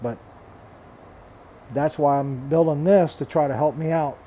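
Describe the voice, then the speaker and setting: Unhurried and fairly even in intonation, an older man's warm, somewhat high voice carries a frustrated casual rant on his reef aquarium vlog, with slight background noise. He vents bluntly and in exasperation, swearing freely, repeating and restarting phrases.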